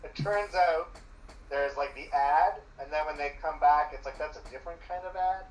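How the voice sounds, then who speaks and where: A man's voice: fairly high pitch, moderate pace, a little hiss or hum. A man who is a journalist talking casually as a guest, explaining at length with many fillers. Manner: loose, filler-heavy explaining. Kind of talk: casual conversation. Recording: roomy, distant, muffled mic.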